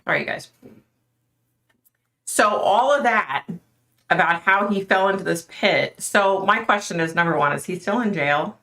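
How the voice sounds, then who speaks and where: A woman's voice: mid-range voice, a little slow, pauses often, fairly bright tone. A middle-aged woman hosting a casual livestream, chatting with viewers by name and talking with a skeptical edge. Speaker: livestream host.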